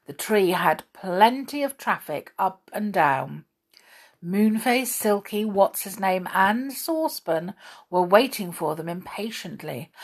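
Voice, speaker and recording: A woman reading a children's story aloud in a gentle, unhurried way. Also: medium pitch, slightly rough.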